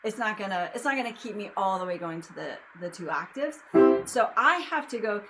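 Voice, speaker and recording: A woman's voice: mid-range voice, animated, fairly quick, loud music behind the voice, poor audio. A young adult woman teaching singing in a casual lesson, explaining in a loose, chatty way with lots of fillers. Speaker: vocal coach.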